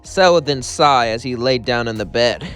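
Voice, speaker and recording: A man's voice: mid-range voice, moderate pace, a bit bright, clean tone, faint music behind. A man narrating a fan story in a loose, rambling way.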